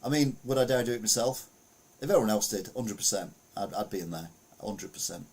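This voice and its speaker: A man's voice: lowish voice, lively intonation, a little fast, darkish tone. A man hosting a casual news podcast, rambling and chuckling as he reads out stories and mutters asides to himself while sharing his screen. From United Kingdom. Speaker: podcast host.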